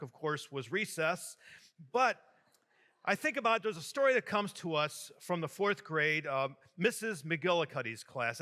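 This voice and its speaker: A bishop from Michigan preaches a homily to a large youth audience. He jokes and speaks with animated energy, turning to the crowd as he goes. His voice is bright and sits fairly high for a man. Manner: jokey, animated storyteller addressing a crowd.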